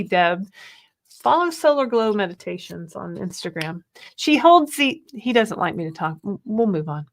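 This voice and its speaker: A woman's voice: medium pitch, big pitch swings, moderate pace. A woman in her fifties co-hosting a live chat stream, reading viewer comments aloud, chatty and laughing often. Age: 50s. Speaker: co-host of a livestream.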